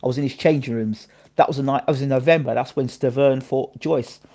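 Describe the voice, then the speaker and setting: A man hosting a casual live boxing stream, chatting his opinions and shouting out viewers by name and place. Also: mid-range voice, steady tone, fairly quick.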